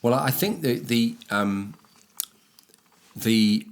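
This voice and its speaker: A man's voice: mid-range voice, lively intonation. A man, a church leader reflecting on a Sunday sermon in casual chat. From England, Brighton. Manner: reflective, explaining with slow emphasis.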